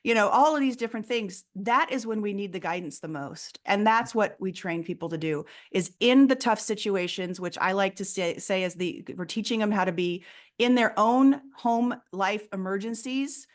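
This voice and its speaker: Speaking at a normal pace in a mid-range voice, a woman who works as a fear coach talks casually as an interview guest. Earnest and explanatory, she describes her methods and frequently performs the voices of those she quotes.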